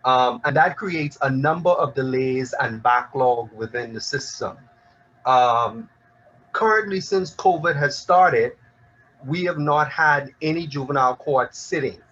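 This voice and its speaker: A man speaking as a panelist in a discussion, in a measured, formal way. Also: mid-range voice, fairly bright tone, highs cut off. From Bahamas.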